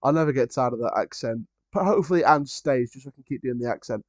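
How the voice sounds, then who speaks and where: A man's voice: mid-range voice, fast, no room sound. Chatty man hosting a football watchalong. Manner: casual, chatty, opinionated, frequent ums and restarts. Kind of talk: live match watchalong commentary.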